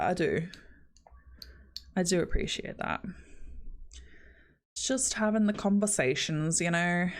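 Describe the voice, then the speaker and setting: Lively, chatty Australian woman streamer. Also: medium pitch. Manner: chatty, self-deprecating, laughs often. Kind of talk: casual chat with stream viewers.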